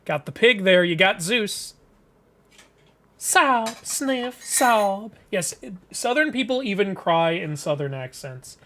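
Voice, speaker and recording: A man's voice: high-pitched, animated, moderate pace, bright, forceful tone, slight background noise. A man hosting a casual live webcomic reading, commenting with joking, chuckling asides. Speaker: mythology channel host.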